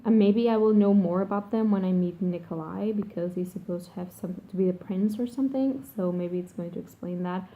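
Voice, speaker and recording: A woman's voice: lowish voice, brisk, hardly any pauses. A woman vlogger chatting casually about a book she is reading, rambling and swearing freely. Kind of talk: casual vlog chat. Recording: tinny phone-like sound.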